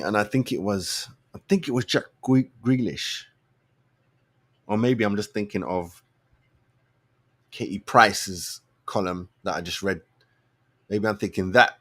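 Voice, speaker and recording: A man hosting a show, ranting his opinions in blunt, slangy, animated talk. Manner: animated, slangy and blunt, swings between low mutters and loud outbursts. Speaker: show host. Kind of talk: casual opinion rant.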